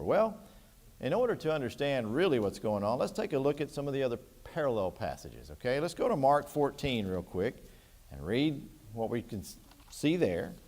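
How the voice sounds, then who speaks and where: Guy teaching bible class, pitch goes all over, chatty, keeps asking the room questions. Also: sing-song, moderate pace, darkish tone. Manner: conversational, asks the class questions. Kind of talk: church Bible class lesson.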